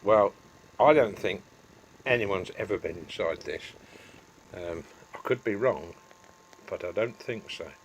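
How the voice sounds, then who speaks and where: A man's voice: lowish voice, animated, a little slow, slight background noise. A middle-aged man, chatting casually in a home workshop vlog and going off on homely asides. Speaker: DIY vlogger.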